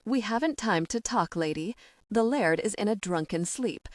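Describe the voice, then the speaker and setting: A woman voicing an anxious, impatient serving woman who speaks in an urgent, hushed way in an audiobook. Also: mid-range voice, expressive, moderate pace, no room sound, studio quality, lightly acted.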